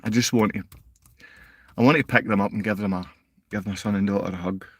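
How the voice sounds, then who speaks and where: A Scottish father hosting a live stream answers chat comments in a combative, insulting rant that rises to shouted outbursts. His voice is on the low side, steady and brisk, with a breathy edge and no echo.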